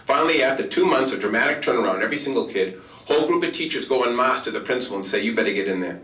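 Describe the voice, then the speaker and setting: A man's voice: medium pitch, expressive, rapid-fire, sharp tone. A man giving a motivational keynote, telling a humorous story and acting out the dialogue. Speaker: keynote speaker. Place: large conference hall. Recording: roomy hall, far from mic.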